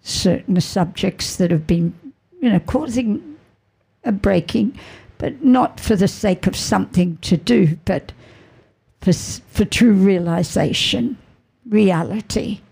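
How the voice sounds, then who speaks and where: Slow, gravelly-voiced middle-aged woman. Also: medium pitch, animated, darkish tone. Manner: halting, repeats phrases, earnest. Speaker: mother giving a faith testimony. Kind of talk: emotional personal testimony.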